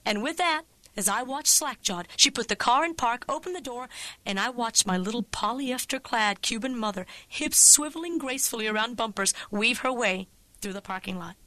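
Bright-voiced lady telling a funny story, wry, dry studio sound. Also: fairly high pitch, moderate pace, no echo, rough recording. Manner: wry, vivid, expressive. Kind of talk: scripted story narration.

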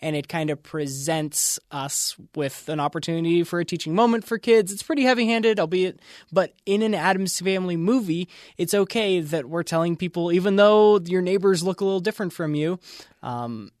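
Upbeat higher-voiced male film reviewer. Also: normal speed, darkish tone, no room sound, clean studio sound. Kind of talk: casual entertainment news chat.

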